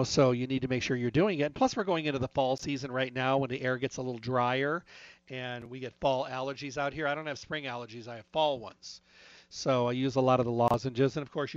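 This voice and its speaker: A man's voice: medium pitch, dry recording. Chatty man telling stories, dry dull sound. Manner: chatty, storytelling with retold dialogue. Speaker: health talk speaker. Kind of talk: casual anecdotal chat.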